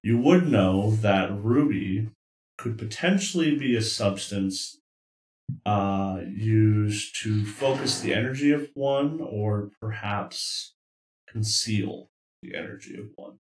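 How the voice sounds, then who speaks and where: Man, game master, low voice, relaxed explaining, roomy echo. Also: takes it slowly. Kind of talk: running a tabletop game.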